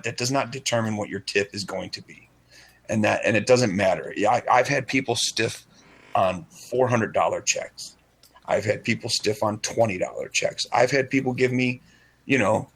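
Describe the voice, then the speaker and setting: A man's voice: on the low side, gravelly, a bit bright, slightly rough. A man working as a restaurant server, chatting casually on a radio show and acting out bits of dialogue in rambling stories. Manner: frequent restarts and stutters.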